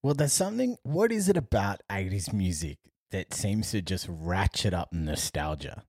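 A wry, teasing Australian co-host with a very deep voice chats casually on a podcast. The recording is dry and close to the mic. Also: male voice, very animated, normal speed, darkish tone, no echo. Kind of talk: casual chat.

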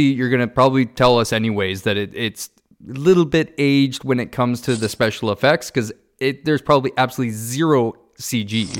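A man of middle pitch hosting a podcast in casual chat. He leads the talk with loose, rambling questions. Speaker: podcast host.

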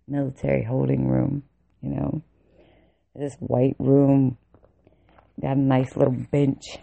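A woman's voice: rumbling low, gravelly, mellow. A woman telling an angry, profane story about army training, with bitter laughs. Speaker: vlogger recounting army training. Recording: tinny phone-like recording.

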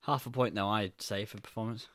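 A man's voice: lowish voice, fairly even intonation, fairly quick, fairly bright tone, no echo, studio quality. A man co-hosting a casual film review podcast, teasing his co-host and laughing often.

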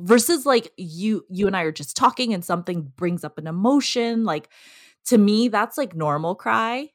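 A woman's voice: mid-range voice, expressive, normal speed, no echo, studio quality. A woman talking candidly in a casual conversation, laughing often and getting tearful.

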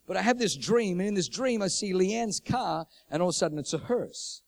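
A middle-aged pastor preaches from the pulpit and tells his stories with a lot of animation. His voice sits a little high for a man. When he quotes other people, he acts out their voices, and his pitch jumps around. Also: expressive, a little fast, gravelly. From New Zealand. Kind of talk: sermon storytelling.

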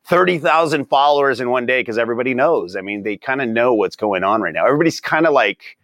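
A man's voice: mid-range voice, lively intonation, quick pace, fairly bright tone, no echo. Dry, exasperated man ranting as a guest. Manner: rambling, exasperated, laughs often. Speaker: podcast guest. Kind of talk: casual political chat.

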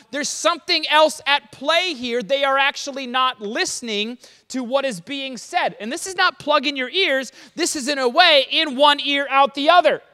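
High, bright-voiced preacher man in a reverberant hall. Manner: animated, checks in with listeners. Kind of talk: conversational sermon.

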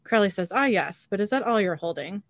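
A woman's voice: medium pitch, animated, brisk, dry recording. Woman co-hosting a podcast, reading a recap aloud, in a dry room. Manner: reads out episode scenes and quotes, laughs often. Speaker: podcast co-host recapping a TV episode.

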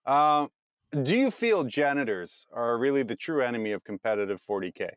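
Playful man hosting with a lively voice. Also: medium pitch, brisk, clear, resonant tone, dry recording, clean studio sound. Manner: playful, teasing questions. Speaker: show host. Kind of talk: casual podcast chat.

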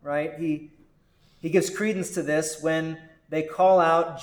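Male pastor, slightly high voice, slow deliberate sermon delivery, reverberant hall sound. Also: fairly even intonation. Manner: measured, earnest preaching with rhetorical "right?".

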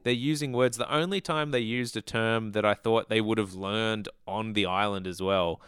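Low smooth male podcast co-host, animated, dry close sound. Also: normal speed, no room sound. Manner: animated, acts out quoted characters. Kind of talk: casual movie review chat.

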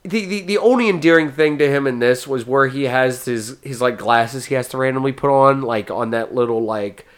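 An excitable podcast host, a man with a middle-pitched voice. He rambles in casual chat, jumping from one thought to the next. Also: normal speed, hardly any pauses, clear, resonant tone. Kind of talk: casual chat about movies.

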